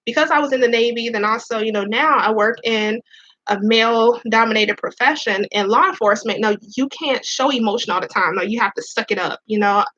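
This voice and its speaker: A woman's voice: fairly high pitch, a little fast, fairly bright tone, muffled recording. A woman, a Navy veteran and police officer, candidly telling her own story to viewers, near tears and often repeating herself. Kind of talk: emotional personal storytelling to viewers.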